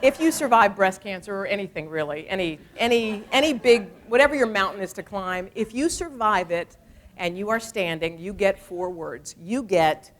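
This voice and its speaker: A woman, a TV anchor, telling a personal story to an audience in a candid, animated way and acting out conversations. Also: mid-range voice, normal speed, a little hiss or hum. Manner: animated, acts out conversations in different voices; candid and conversational, many asides. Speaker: TV morning show anchor.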